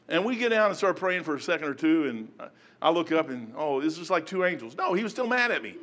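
A man preaching a sermon in a folksy storytelling way, breaking into loud shouts when he acts out prayers. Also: a little high, lively intonation, fast.

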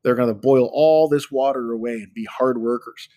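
A man's voice: medium pitch, normal speed, dark tone, dry recording, clean studio sound, natural voice. A man voicing a male trickster spirit in a storytelling podcast, lecturing people indignantly in a slightly raised voice. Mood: scolding.

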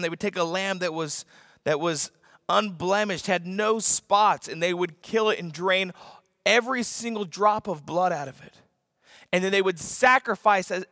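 Animated high-voiced preacher in a hall. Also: male voice, studio quality. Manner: animated storytelling, acts out voices, shouts for emphasis. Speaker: pastor. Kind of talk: sermon.

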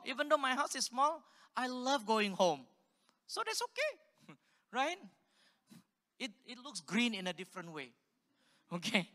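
A man's voice: very high voice, bright, forceful tone. A man from Singapore giving a sermon, telling stories animatedly and asking the audience questions. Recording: long hall reverb.

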